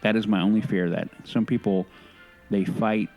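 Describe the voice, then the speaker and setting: A low-pitched man talking through a podcast in casual conversation. He gets earnest and opinionated, stumbling and restarting his sentences as he works out his point. Faint music sits underneath. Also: steady tone, vocal fry, highs cut off. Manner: halting, many restarts and self-corrections. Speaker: podcast co-host. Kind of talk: casual chat.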